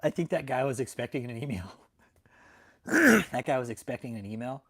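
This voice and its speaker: A man's voice: medium pitch, animated, normal speed, a bit bright, slightly rough. A young adult man hosting a channel, telling a story to his viewers in a brash, profane, casual rant. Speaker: channel host.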